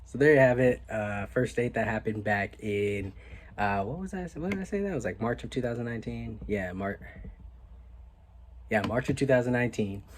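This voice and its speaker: A young man casually telling a story on his vlog, animated and laid-back, with a lot of "like" and some swearing. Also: mid-range voice, moderate pace. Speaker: vlogger.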